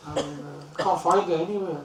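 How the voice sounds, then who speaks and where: A man's voice: a little high, brisk, slight background noise, natural voice. A man voicing a lovesick, distracted madman wandering the desert, speaking in an apologetic way. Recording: roomy, distant mic, faint ambience.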